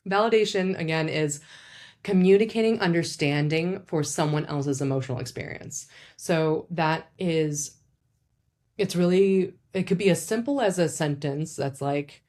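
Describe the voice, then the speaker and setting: A woman's voice: fairly low pitch, normal speed. A woman explaining things to family members in a casual, chatty way, often adding "like" and "right?". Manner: chatty, lots of "like" and "right?", animated demonstrations. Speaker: psychologist host. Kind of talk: casual educational talk.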